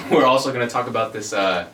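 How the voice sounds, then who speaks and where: A man's voice: medium pitch, brisk, fairly bright tone, echoey room, far from the mic, slight background noise. A man co-hosting a casual chat podcast, rambling with lots of fillers and laughing often. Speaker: podcast co-host.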